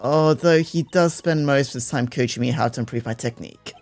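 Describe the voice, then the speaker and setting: A man reading the lines of a gentle, devoted young woman who works as a maid in a mystery game, polite and soft-spoken. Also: mid-range voice, brisk, soft background music, lightly acted. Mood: modest.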